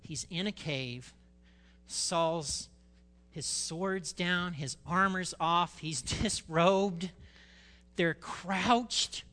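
A male pastor preaching a sermon, reading scripture and retelling it with animated, dramatic emphasis. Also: sits high, in a large hall.

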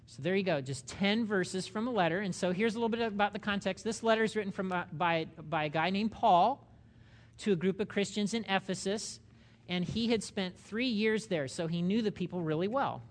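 A middle-aged man with a high voice and slightly fast delivery teaches a Bible study in a church meeting room. He keeps it conversational, putting questions to the group as he goes.

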